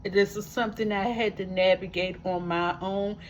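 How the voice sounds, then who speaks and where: A woman vlogger who uses a wheelchair and lives with a disability talks to camera in a personal testimonial. Her medium-pitched voice keeps fairly even intonation at a normal speed, and she speaks emphatically, repeating words for effect and tossing in folksy asides. There's a little hiss or hum in the recording.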